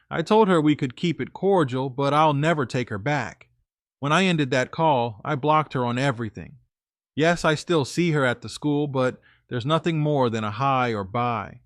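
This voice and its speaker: Man, storyteller, first-person story narration, indignant, middle pitch, dry sound. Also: dry recording.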